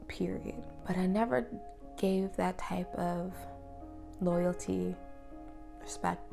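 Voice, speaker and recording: Young woman, personal vlog, earnest and reflective, gravelly voice, faint music behind. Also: fairly low pitch. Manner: earnest, open and reflective, drops to a whisper at times. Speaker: vlogger.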